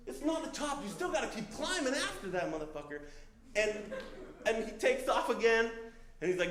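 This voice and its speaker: Animated, profane male storyteller on stage. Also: high voice, a little fast, roomy sound, a crowd in the background. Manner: animated, casual, profane, acts out other people's lines. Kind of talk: live storytelling. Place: comedy stage before a live audience.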